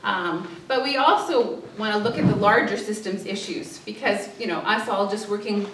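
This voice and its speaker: A woman's voice: medium pitch, normal speed. Social worker, woman, hesitant storyteller speaking from a distance in a big echoey hall with faint room noise. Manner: storytelling, acts out cries for help; hesitant, many fillers. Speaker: social worker giving a talk. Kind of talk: public talk with slides. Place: church hall.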